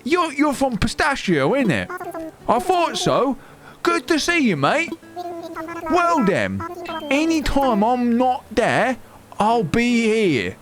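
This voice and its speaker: A man voicing a cheeky young male shopkeeper with a put-on London-style British accent and chirpy, slangy, high-pitched sales patter. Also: huge pitch swings, slow, heavily acted.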